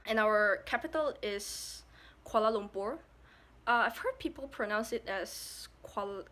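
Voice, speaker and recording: A woman's voice: mid-range voice, moderate pace, sharp tone. A young woman from Malaysia with a Malaysian English accent, giving a casual, jokey vlog with playful asides. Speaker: vlogger.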